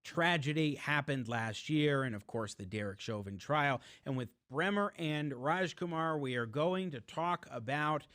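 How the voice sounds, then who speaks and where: An upbeat man opening his political talk show with a quick, scripted announcer delivery. His voice sits a bit above average in pitch. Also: expressive, a bit bright. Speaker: podcast host.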